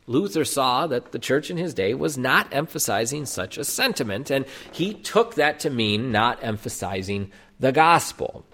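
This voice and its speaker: A man's voice: on the high side, sing-song, unhurried, hardly any pauses, a bit bright. A man preaching a sermon as a Lutheran pastor, explaining doctrine emphatically and posing rhetorical questions to the congregation.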